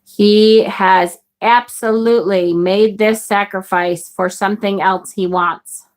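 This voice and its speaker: A woman's voice: medium pitch, steady tone, takes it slowly. A woman hosting a live tarot stream, chatting enthusiastically and reading viewer comments aloud. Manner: enthusiastic, chatty, swears casually. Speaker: tarot livestream host. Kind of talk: casual live-stream chat.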